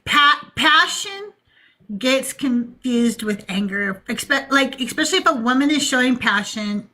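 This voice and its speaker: A woman's voice: high voice, unhurried. A middle-aged woman hosting a casual podcast, asking questions and telling stories animatedly with acted-out quotes. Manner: animated, acts out quoted voices. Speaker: podcast host. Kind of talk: casual conversation.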